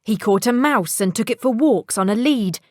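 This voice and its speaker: A woman reading a children's storybook aloud, expressive and playful with sound-effect words. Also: fairly high pitch, normal speed, no room sound, clean studio sound.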